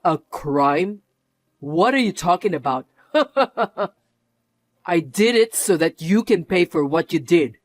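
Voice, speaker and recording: A man's voice: on the high side, lively intonation, a little slow, no room sound. An actor playing a mocking, controlling young husband who laughs often as he sneers. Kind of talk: narrated drama acting.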